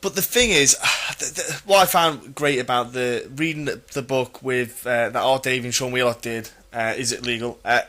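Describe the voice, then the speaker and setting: Male podcast host, bright tone, eager and chatty, restarts sentences a lot. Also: mid-range voice, normal speed, few pauses. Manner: eager, stumbles and restarts often. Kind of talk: casual chat.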